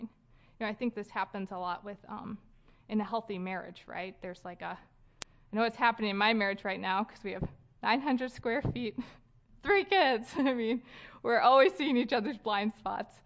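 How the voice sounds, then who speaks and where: A woman's voice: mid-range voice, normal speed. A woman in her thirties giving a casual sermon at a church gathering, talking conversationally with fillers and light laughs. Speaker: speaker leading a church gathering. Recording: dull lo-fi sound.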